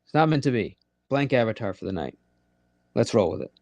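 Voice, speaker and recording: With no room sound, a man with a medium-pitched, somewhat mellow voice talks briskly in a sing-song way. He's hosting a live late-night audio chat room, speaking straight to his listeners in a rambling, conversational manner and swearing freely.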